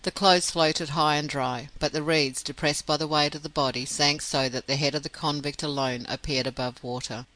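A man narrating an audiobook in a steady, measured reading. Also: on the high side, dry recording, poor audio. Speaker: audiobook reader.

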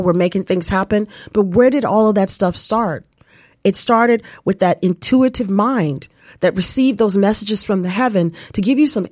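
A woman's voice: mid-range voice, darkish tone, dry recording, clean studio sound. Earnest woman hosting a spiritual talk show. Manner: earnest, addresses listeners as "you guys". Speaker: spiritual life coach, show host.

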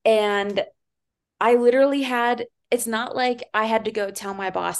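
A young woman co-hosting a podcast, telling a story in casual chat, animated, swearing freely and laughing at herself. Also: fairly high pitch, normal speed. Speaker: podcast co-host.

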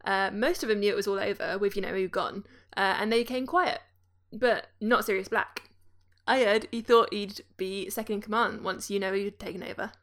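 A woman's voice: mid-range voice, steady tone, moderate pace, a bit bright, natural voice. A British woman voicing a chatty, gossipy young male bus conductor from a storybook.

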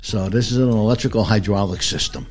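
A man's voice: lowish voice, fast talker, soft background music. An older man from New Jersey with a Northern New Jersey accent, telling his story as an interview guest in a plain, matter-of-fact way. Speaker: guest, veteran. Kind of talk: casual interview.

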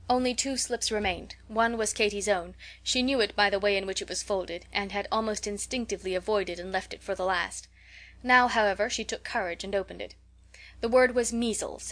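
A woman's voice: medium pitch, steady tone, brisk, fairly bright tone. Woman reading a classic novel aloud. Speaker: audiobook reader. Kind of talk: scripted narration.

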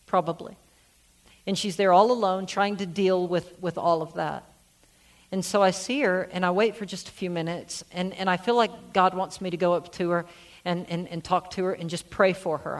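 Earnest man preaching a sermon. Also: sits high. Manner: earnest storytelling, repeats phrases for emphasis. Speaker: senior pastor.

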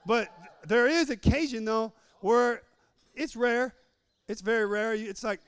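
A man delivers a joking sermon in a high, smooth, resonant voice. He repeats lines for emphasis and slips into other voices to act out little scenes. The sound is close and dry. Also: measured pace, dry recording. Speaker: preacher. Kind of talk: humorous sermon.

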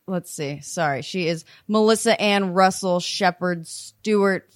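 A woman's voice: fairly low pitch, measured pace, no room sound, clean studio sound. A woman co-hosting a true crime podcast, talking bluntly and with plenty of profanity. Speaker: podcast co-host.

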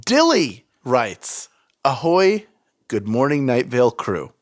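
A man co-hosting a podcast, reading listener mail aloud and joking around with animated, swearing banter. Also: medium pitch, brisk. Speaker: podcast co-host.

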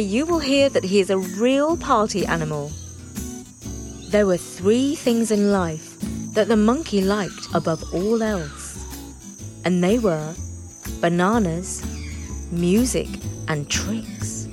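A woman narrating a children's animal story in an expressive, lively storybook reading. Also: mid-range voice, slow pace, over music.

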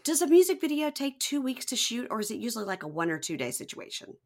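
Animated woman recapping a reality show. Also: a little high, fast talker. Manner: animated, acts out quotes in exaggerated voices. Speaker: podcast co-host.

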